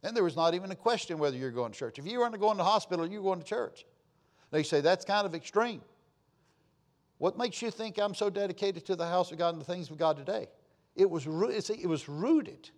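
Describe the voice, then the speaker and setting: A man's voice: high voice, animated, a little fast. A man preaching a sermon, folksy and storytelling, rising and falling for emphasis.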